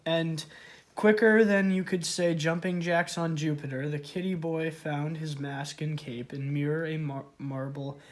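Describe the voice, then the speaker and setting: A man's voice: fairly high pitch, steady tone, unhurried. A man reading a children's storybook aloud, stumbling and correcting himself. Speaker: story reader.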